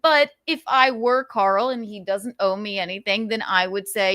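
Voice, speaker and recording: A woman's voice: medium pitch, normal speed, few pauses, fairly bright tone, no room sound, clean studio sound. A woman hosting a casual livestream, talking animatedly with frequent laughs and restarts. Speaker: livestream host.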